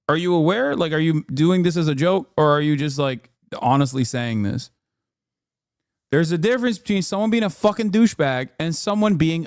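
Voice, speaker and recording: Streamer, 30s, male, slightly high voice, dry close mic, heated and profane reaction commentary. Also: no room sound. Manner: exasperated, profane ranting with sudden pitch jumps. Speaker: political streamer.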